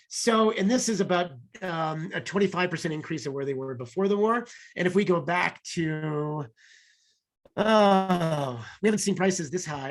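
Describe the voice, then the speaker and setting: A man on a webinar panel, explaining economics in an eager, rambling way over a video call. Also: fairly high pitch. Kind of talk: webinar discussion.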